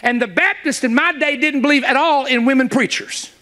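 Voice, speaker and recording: A middle-aged man preaching a sermon, telling a story, acting out the dialogue and building up to shouts. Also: extremely high pitch, brisk.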